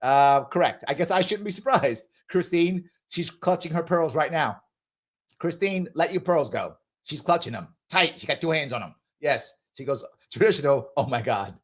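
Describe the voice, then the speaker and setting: Male show host, sarcastic and mocking, lively swinging delivery, reads chat on air. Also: a little high, moderate pace. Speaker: host of a live commentary show. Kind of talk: live show commentary, reading viewer chat.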